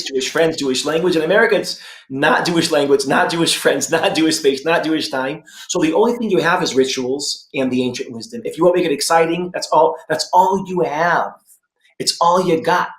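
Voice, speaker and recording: Israeli man, higher-pitched, animated panelist, roomy echo. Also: brisk. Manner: emphatic, lively, repeats points for effect. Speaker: conference speaker. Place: room in Jerusalem.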